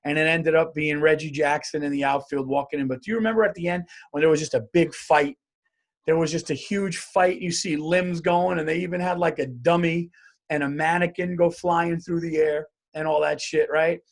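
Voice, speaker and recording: A man's voice: on the high side, moderate pace. A man hosting his own comedy podcast, ranting in a profane, rambling solo monologue. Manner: profane, rambling, animated rants.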